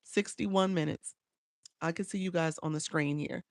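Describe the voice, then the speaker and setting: A woman's voice: deep voice, fairly even intonation, fairly quick, no echo. A woman coaching live streamers, chatting casually and answering viewers by name, often repeating herself. She talks into a phone.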